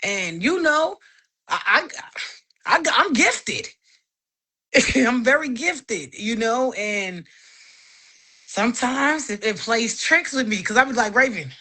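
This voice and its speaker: Woman, casual chat, slightly high pitch, sharp bright tone, laughs often, emphatic. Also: takes it slowly, pauses often. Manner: animated, laughs often between phrases; faith-filled testimony, emphatic repetition.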